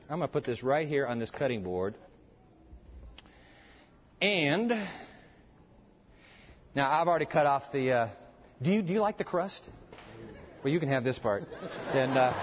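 A man preaching a sermon with a live demonstration, folksy and animated, joking with the audience in a church hall. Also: fairly high pitch, normal speed, pauses often, slight background noise. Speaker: pastor. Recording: dull, long-reverb hall sound.

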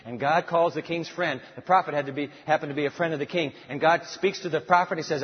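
A man's voice: on the high side, brisk, slightly rough. A man preacher delivering a dramatic, storytelling sermon full of asides. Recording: dull sound with long hall reverb.

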